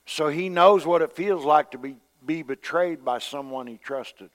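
Guy preaching, kinda higher voice, chatty sermon, goes loud then quiet, big reverby hall. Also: moderate pace. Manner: conversational preaching, acting out quoted voices, swings between loud and soft.

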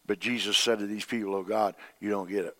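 Low-voiced man preaching a sermon. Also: steady tone, fairly quick. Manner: preaching with swings between loud emphasis and hushed, quiet passages. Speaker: pastor.

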